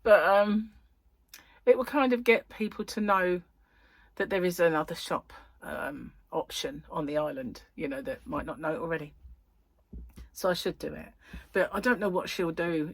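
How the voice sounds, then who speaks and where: A woman's voice: fairly low pitch, animated, moderate pace, slightly rough. A woman hosting a crochet vlog, chatting in a rambling, giggly way. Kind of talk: casual chat.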